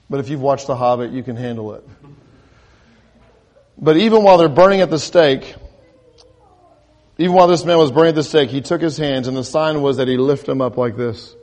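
A man's voice: mid-range voice, a little mellow. A man preaching a sermon, asking his listeners questions and building to emphatic peaks, with frequent restarts and repeated words. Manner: rising to emphatic crescendos, asks the congregation questions.

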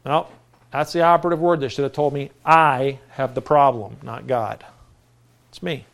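A man's voice: medium pitch, steady tone, normal speed, gravelly. A middle-aged male pastor preaching a folksy, conversational sermon with self-deprecating asides.

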